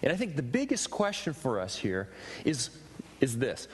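A man preaching a sermon, retelling a scripture passage with expressive, emphatic questions. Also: medium pitch, moderate pace, husky. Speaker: pastor. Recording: reverberant hall with faint ambient noise.

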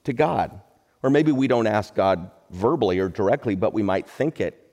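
A middle-aged man, a pastor, giving a recorded sermon in a relaxed, joking, conversational way. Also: on the low side, normal speed, in a large hall.

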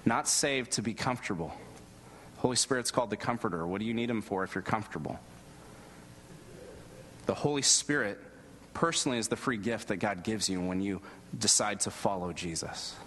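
A man preaching a sermon and telling a personal story in an earnest way, going low and soft at the moving parts. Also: fairly quick, slight background noise. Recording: long reverb of a large hall.

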